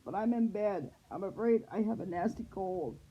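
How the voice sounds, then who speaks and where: A woman voicing a sly, charming male wolf who talks with smooth, overly polite manners. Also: lowish voice, very animated, moderate pace. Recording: phone-like lo-fi sound.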